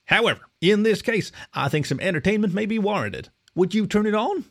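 A man's voice: high voice, animated, fairly quick, voice pushed up. A man playing a prim, formal kitten captain. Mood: reasoning. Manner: stiff, courteous, formal wording. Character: captain turned small kitten, dignified, formal.

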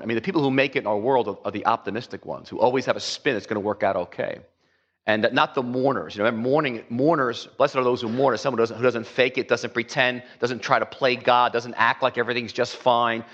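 A man's voice: medium pitch, fairly bright tone, highs cut off. A man preaching a conversational sermon as a pastor, rambling with many fillers and acting out quotes.

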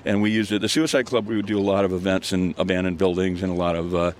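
An older man, a guest storyteller, rambles through a casual story while walking on a hillside outdoors, laughing often and full of fillers and restarts. His voice is low and darkish, with flat delivery at a quick pace. There's slight background noise.

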